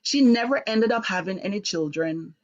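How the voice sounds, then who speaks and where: A middle-aged woman from Jamaica hosting a live talk stream, telling a personal story with lively, indignant delivery. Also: mid-range voice, normal speed, dull audio. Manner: animated, acts out voices in quotes, rising to sharp indignation. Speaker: host of a live talk show.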